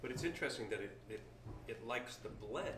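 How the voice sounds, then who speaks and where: A man's voice: medium pitch, lively intonation, brisk, a bit bright. A man, a winery founder, musing aloud about flavors during a casual wine tasting. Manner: reflective, muses aloud. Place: wine cellar. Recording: roomy, distant mic, faint noise.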